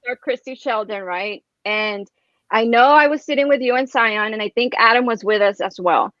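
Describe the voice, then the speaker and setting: A woman telling a personal story in casual chat as a guest, rambling and animated, filling her speech with "like" and "right?". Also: fairly high pitch, moderate pace, no room sound, lo-fi sound.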